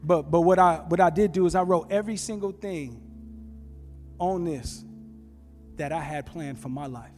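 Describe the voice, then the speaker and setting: A man preaching a sermon, telling stories in an animated way with bursts of shouting. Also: a little high, moderate pace, long pauses. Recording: long reverb with faint music.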